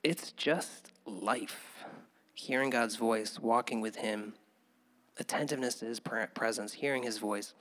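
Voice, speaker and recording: A man preaching a conversational sermon as pastor, chuckling often and building to loud, animated bursts. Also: mid-range voice, measured pace, long reverb tail.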